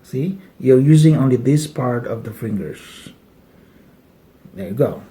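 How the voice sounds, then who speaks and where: A man's voice: mid-range voice, expressive, unhurried, dark tone. A man, patiently walking through a casual eating demonstration at a dining table with small jokes along the way. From Malaysia. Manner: joking, patient step-by-step instructions. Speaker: cultural etiquette instructor.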